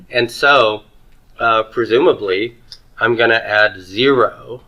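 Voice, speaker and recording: Male teacher, bright forceful voice, upbeat and joking, classroom lecture, leads repeat-after-me drills. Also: medium pitch, low-quality recording. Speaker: Greek teacher.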